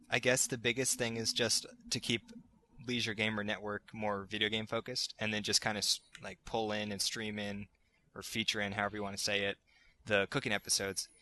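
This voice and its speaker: A man with a lowish, bright and forceful voice hosts a casual gaming podcast. He talks in a relaxed, rambling way, often restarting his sentences mid-thought. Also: normal speed, a little hiss or hum. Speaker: podcast host.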